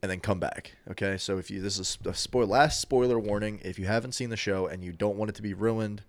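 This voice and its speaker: A man with a very low, deep voice talks loosely on a podcast, circling back and restarting his sentences. The sound is dry and close, with no room around it. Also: fairly even intonation, brisk, no echo. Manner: rambling, many restarts and fillers. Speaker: podcast co-host. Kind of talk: casual chat.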